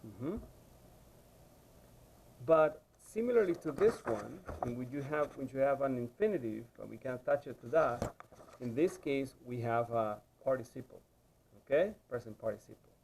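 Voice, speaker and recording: A man's voice: mid-range voice, animated, moderate pace, vocal fry, a little mellow, a little hiss or hum. Patient man teaching a video lesson. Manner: patient, repeats "okay?" to check understanding. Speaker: Spanish teacher.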